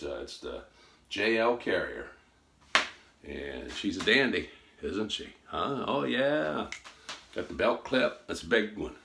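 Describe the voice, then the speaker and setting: A man's voice: on the low side, vocal fry, fairly bright tone. A man chatting casually as he unboxes on a phone, folksy and rambling, with many fillers and restarts. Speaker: gun hobby vlogger.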